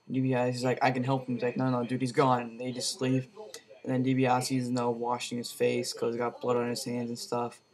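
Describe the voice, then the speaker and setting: A man's voice: medium pitch, monotone, brisk. A man giving a casual video movie review, rambling with lots of fillers and slang.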